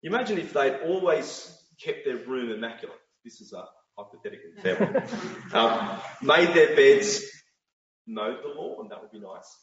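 A man's voice: mid-range voice, lively intonation, moderate pace. Middle-aged man, sermon, emphatic, distant mic, roomy dull sound. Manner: emphatic, rhetorical questions. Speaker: preacher.

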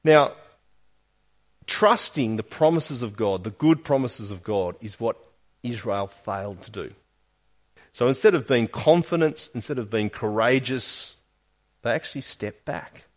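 A man's voice: mid-range voice, lively intonation, unhurried. Earnest man preaching a sermon. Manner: earnest, questioning, with emphatic rises and quiet drops. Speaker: pastor.

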